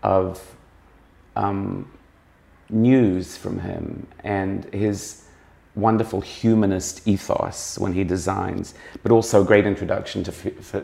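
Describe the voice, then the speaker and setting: A man's voice: low voice, steady tone, slow pace, vocal fry, dark tone. A man speaking as a fashion critic in a conversational interview, musing and often circling back to rephrase his points.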